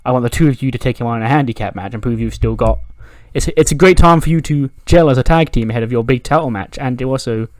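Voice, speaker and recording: A man quoting a smug, scheming male wrestling champion, his pitch jumping up now and then. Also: fast talker, few pauses, no echo, lightly acted.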